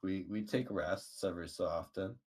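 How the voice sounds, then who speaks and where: A man's voice: sits low, moderate pace, a crowd in the background. A man playing a tabletop game, chatting in a friendly, upbeat way. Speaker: player.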